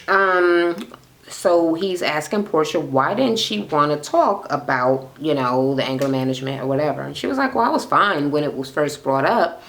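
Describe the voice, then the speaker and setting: A woman ranting casually about a reality show, sassy and swearing freely, acting out what people said. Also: lowish voice. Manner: animated, sassy, swears freely, acts out quotes. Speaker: reality TV recap vlogger. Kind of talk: casual profane recap rant.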